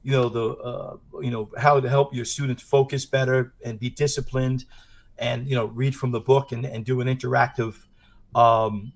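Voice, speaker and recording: A male martial arts instructor talks through his ideas in a relaxed interview. His voice sits at an ordinary middle pitch, and he rambles warmly from story to story with plenty of fillers. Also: normal speed. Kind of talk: casual interview conversation.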